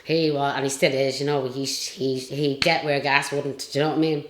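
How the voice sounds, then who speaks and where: A woman's voice: a bass voice, level tone, moderate pace. Chatty Irish woman in a roomy space. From Ireland. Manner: rambling, chatty, many fillers. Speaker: retired jockey. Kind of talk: casual interview storytelling. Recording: roomy echo.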